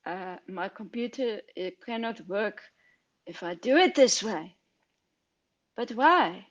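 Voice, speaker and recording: A woman playing a Swedish client in a deliberately bad mock-Swedish accent, speaking quietly and haltingly. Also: medium pitch, lively intonation, muffled recording. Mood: baffled.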